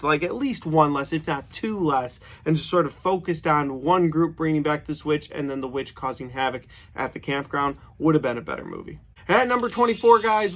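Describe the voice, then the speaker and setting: Man, 30s, somewhat high-pitched, chatty, opinionated, casual movie review. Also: fairly bright tone.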